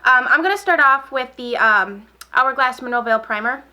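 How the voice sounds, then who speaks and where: A woman beauty vlogger in a relaxed get-ready-with-me chat, rambling and repeating herself while she applies makeup. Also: high voice, moderate pace. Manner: talks while applying makeup.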